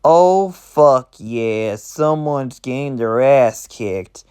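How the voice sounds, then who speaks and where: A man voicing a rowdy, excitable male imp boss who shouts gleefully. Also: a little high, unhurried, smooth, natural voice. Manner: loud, gleeful.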